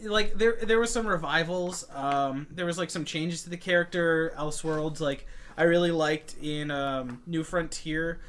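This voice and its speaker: A man's voice: a little high, fairly even intonation, unhurried, a bit bright, a little hiss or hum. A man co-hosting a casual nerd podcast, rambling through comic-book talk with lots of fillers. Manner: rambling, filler-heavy, acts out quotes. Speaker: podcast co-host.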